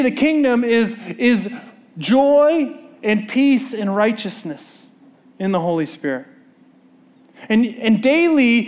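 This is a middle-aged male preacher on a church stage, his voice strikingly high yet darkish in tone. His sermon moves through lively storytelling, and he repeatedly turns to the congregation with rhetorical questions.

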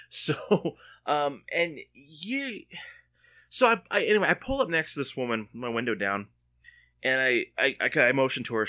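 A man's voice: mid-range voice, pushed and bright. A man hosting a solo podcast from home, chatting casually in a rambling, joking way with frequent restarts. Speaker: podcast host.

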